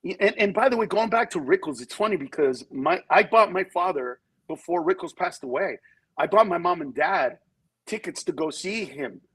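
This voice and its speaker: A man with a somewhat high, husky voice talks frankly as a guest comedian on a talk show. He tells stories in an animated way and slips into other people's voices. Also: moderate pace, low-quality recording. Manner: animated storyteller who acts out voices in quotes. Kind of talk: candid talk-show conversation.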